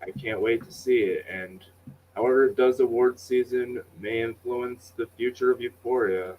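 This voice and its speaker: A young man as guest co-host in casual film chat, speaking with slow, drawn-out phrasing. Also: mid-range voice, steady tone, lo-fi sound, a little hiss or hum.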